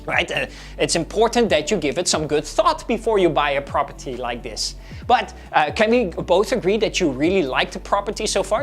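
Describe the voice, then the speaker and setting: A woman's voice: lowish voice, normal speed, soft background music. A woman coaching real estate salespeople in a video lesson, explaining how to handle client objections and acting out the dialogues. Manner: animated, acts out client dialogues.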